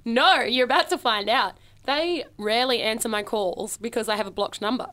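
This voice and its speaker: A woman co-hosting a casual comedy chat show, playful and quick to laugh, often acting out little voices. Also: on the high side, a bit bright. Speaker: co-host.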